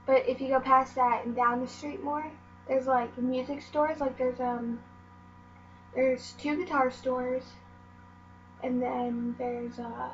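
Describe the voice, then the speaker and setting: Rambling teen girl with a high voice. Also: steady tone, slow pace, long pauses. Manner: rambling, meandering, lots of "like" and "um". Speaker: vlogger. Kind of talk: casual storytelling vlog. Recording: dull lo-fi audio with faint mains hum.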